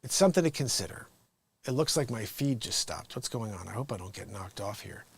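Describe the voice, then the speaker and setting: A man's voice: lowish voice, animated, fairly quick, creaky, husky. A man hosting a livestream, chatting casually and jokingly about a Bible reading, laughing often. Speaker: livestream host.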